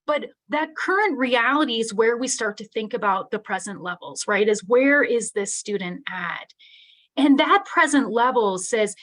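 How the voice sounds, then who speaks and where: A woman's voice: fairly high pitch, lively intonation, unhurried, fairly bright tone. A middle-aged woman giving a live online keynote on special education, talking earnestly and conversationally and often checking in with "right?".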